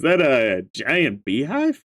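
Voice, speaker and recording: A streamer reading a webcomic live, laughing often and shouting reactions at the characters. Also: medium pitch, huge pitch swings, slow.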